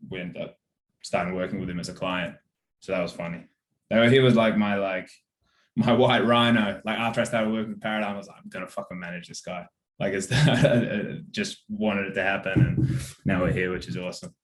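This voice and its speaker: Aussie guy on a podcast, kinda low voice, chatty, swears a bit, says like a lot. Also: flat delivery, brisk, echoey room, slight background noise. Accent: Australian. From Australia. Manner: loose and casual, heavy on fillers and swearing. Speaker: sports manager, podcast guest. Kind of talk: casual interview storytelling.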